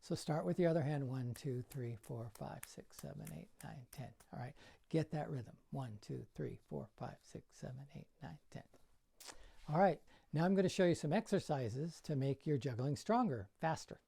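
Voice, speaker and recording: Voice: mid-range voice, expressive, normal speed, gravelly, mellow, slightly rough. An older juggling coach giving a casual tutorial in a bedroom, counting throws aloud as he demonstrates and coaching in plain, encouraging words.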